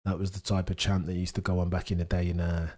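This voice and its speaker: Hosting a pre-race live stream, a low-voiced man chats quickly and casually with viewers, reading and bantering with the chat. He has a stuffy nose from recovering after being sick, and now and then he bursts out with excitement.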